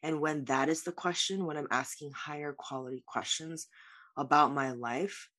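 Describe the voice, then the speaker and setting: A woman's voice: deep voice, steady tone, normal speed, a bit bright. A woman speaking as a life coach guest in an interview, answering in an earnest, reflective way with many "like" fillers.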